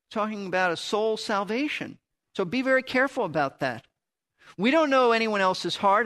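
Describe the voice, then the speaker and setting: Earnest high-voiced male preacher. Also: a bit bright. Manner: earnest, emphatic, repeats key words. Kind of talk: radio Bible teaching.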